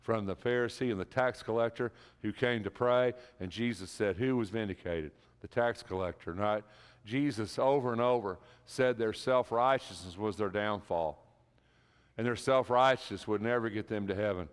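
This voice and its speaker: A man's voice: lowish voice, normal speed, clear, resonant tone. A man preaching a sermon in a church, talking with emphasis and building to impassioned peaks. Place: church sanctuary. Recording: reverberant church hall.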